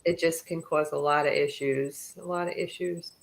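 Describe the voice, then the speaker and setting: Female podcast host, lowish voice, reads notes and puts questions to guests. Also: fairly even intonation, moderate pace, vocal fry, rough recording. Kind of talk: casual interview.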